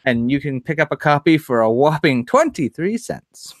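A man's voice: a little high, big pitch swings, normal speed. A man co-hosting a casual chat, enthusiastic and knowledgeable. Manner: enthusiastic, knowledgeable about card history. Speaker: podcast co-host.

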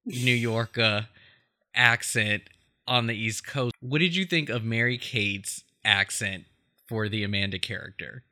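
A man's voice: medium pitch, measured pace, sharp tone. A man hosting a podcast, chatting casually about a film with many fillers and frequent laughs. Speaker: podcast host.

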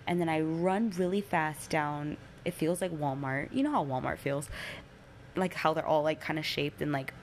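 A woman's voice: lowish voice, a little hiss or hum. A young woman and mother telling a personal story in a casual, candid way, swearing freely and using lots of fillers.

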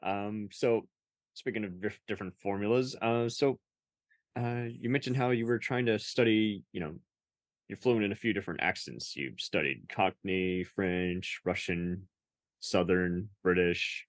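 A woman hosts a casual interview in a relaxed, affirming way and laughs often. Her voice is extremely low in pitch. The recording is dry and close, with no room sound. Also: a little slow, no room sound. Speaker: interview host.

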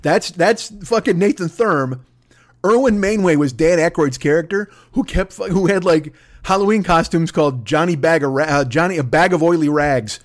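A man hosting a podcast, delivering a profane, animated comedic rant. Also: a little high, normal speed. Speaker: podcast host.

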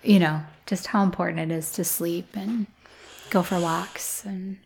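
Gravelly-voiced woman farmer musing. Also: fairly low pitch, steady tone, measured pace, a little mellow, slight background noise. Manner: thoughtful, rambling with many fillers. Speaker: flower farmer guest. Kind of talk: casual interview conversation.

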